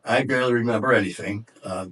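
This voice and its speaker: A middle-aged man with a fairly low voice, a podcast guest from Detroit. He recounts his own story candidly, pausing and restarting often. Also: fairly bright tone. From Detroit, USA. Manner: candid, halting, many fillers and restarts. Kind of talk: personal storytelling in an interview.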